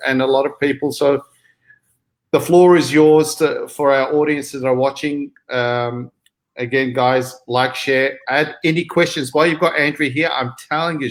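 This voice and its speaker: A man hosting a live online discussion over a video call, upbeat and speaking directly to his viewers. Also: medium pitch. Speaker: host.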